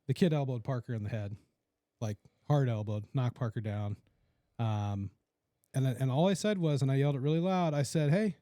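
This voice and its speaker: Mellow-voiced man telling stories. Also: medium pitch, no room sound, clean studio sound. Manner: laughing storyteller, acts out quotes. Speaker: podcast host. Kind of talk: casual chat.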